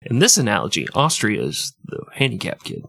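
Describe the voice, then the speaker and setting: A man's voice: on the low side, wildly swooping pitch, brisk, gravelly, sharp tone, husky. A man hosting a casual, comedic history podcast who jokes crudely and laughs often. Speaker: podcast host.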